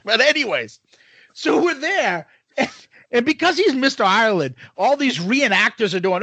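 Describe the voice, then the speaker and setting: A man's voice: extremely high pitch, sing-song, a little slow, a bit bright, husky, dry recording. A man co-hosting a podcast in casual chat, telling a crude college story with lots of swearing and laughter. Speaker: podcast co-host.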